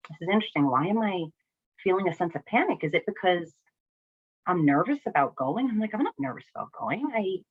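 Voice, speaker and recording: A woman from New Jersey speaks in a reflective, personal vlog, her voice sitting slightly low. She talks earnestly and candidly, checking in with "right?" as she goes. The sound is thin and tinny, as if heard over a phone line. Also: animated, a little fast, husky. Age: adult, a single mother. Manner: earnest, candid, often adds "right?" and "you know?". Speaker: vlogger sharing personal experience.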